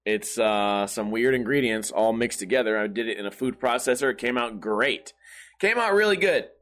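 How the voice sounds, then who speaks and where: Mid-range and fairly bright, with lively intonation and a moderate pace, this young man hosts a casual solo talk show. He rambles through crude, profane stories in a monologue, often poking fun at himself.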